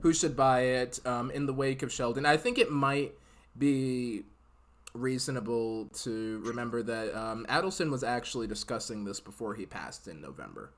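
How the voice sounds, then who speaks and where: A male podcast host talking in a loose, casual way. He rambles through his points and jokes along the way. His voice sits at a middle pitch for a man. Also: normal speed. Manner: rambling and jokey, laughs often.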